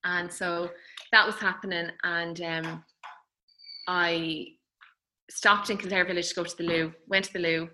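A woman's voice: fairly low pitch, flat delivery, unhurried, pauses often, bright, forceful tone, slight background noise, low-quality recording. A woman with an Irish accent, chatty and often laughing, casually telling her birth story and acting out the dialogue.

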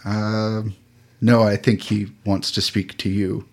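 A man narrating as game master of a tabletop game, relaxed and hesitant with many fillers. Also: fairly low pitch, slow pace.

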